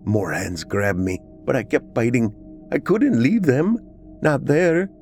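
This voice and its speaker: A man narrating a dramatic story in the first person, with expressive, emotional delivery. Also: medium pitch, slow pace, soft background music.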